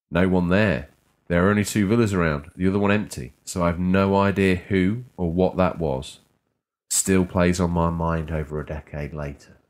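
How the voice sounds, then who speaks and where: A man co-hosting a gaming podcast, teasing his co-host and reading out viewer messages in a playful, casual way. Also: low-pitched.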